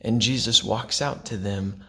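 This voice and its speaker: Gravelly-voiced man giving a gentle devotion. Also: on the low side, steady tone. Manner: gentle, unhurried, drops to a hush for quiet lines. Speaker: pastor. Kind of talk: devotional sermon to camera.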